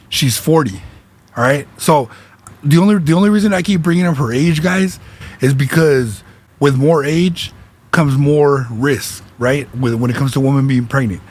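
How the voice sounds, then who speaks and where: A man hosting a podcast, telling a casual story in slangy speech with Spanish words dropped in. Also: mid-range voice. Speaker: podcast host and spiritual reader.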